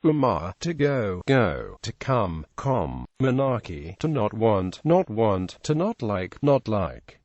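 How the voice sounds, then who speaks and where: A man's voice: on the low side, very animated, slow pace, few pauses, darkish tone, no room sound, dull audio. A man's voice reading a grammar article aloud, working steadily through word lists and example phrases. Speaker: narrator.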